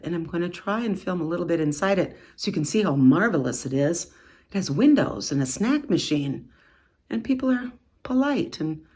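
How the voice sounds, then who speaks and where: A woman's voice: lowish voice, a little mellow. A woman vlogging her thrift haul, chatting playfully to viewers as she shows clothing and items. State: out of breath.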